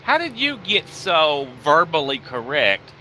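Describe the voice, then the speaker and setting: A man's voice: a little high, huge pitch swings, a little slow, bright, forceful tone, a little hiss or hum. A man, co-hosting a casual live stream from a truck cab, teasing and playful. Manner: teasing, playful, admits he stutters less now. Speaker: trucker co-host.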